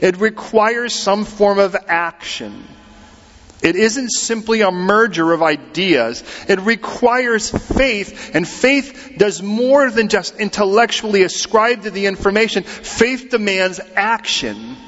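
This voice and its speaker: American pastor guy, middle-aged, preaching casual and animated, kinda high voice, big echoey church, muffled sound. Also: slow pace. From United States. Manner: animated, conversational preaching with acted-out quotes. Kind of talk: sermon. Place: church sanctuary. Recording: muffled sound in a large reverberant hall.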